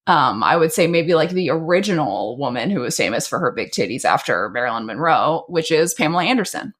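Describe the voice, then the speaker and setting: A woman's voice: low voice, very animated, brisk, fairly bright tone, breathy edge. A woman co-hosting a podcast, chatting casually in a blunt, gushing way and swearing freely. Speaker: podcast co-host. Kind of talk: casual chat.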